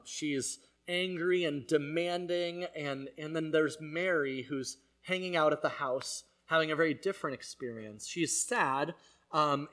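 A pastor delivers a conversational sermon, telling the story casually and leaning on lots of fillers. His voice is fairly high-pitched and a bit bright.

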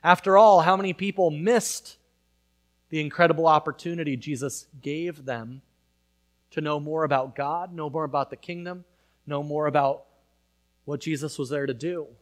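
A man preaching a sermon in a conversational way, building to loud emphatic peaks. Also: fairly high pitch, steady tone, moderate pace. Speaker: pastor.

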